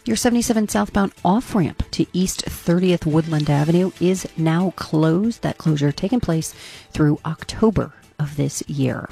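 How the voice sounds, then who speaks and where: A radio traffic reporter reading a brisk, matter-of-fact traffic update. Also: mid-range voice, vocal fry, dark tone, slightly rough, soft background music.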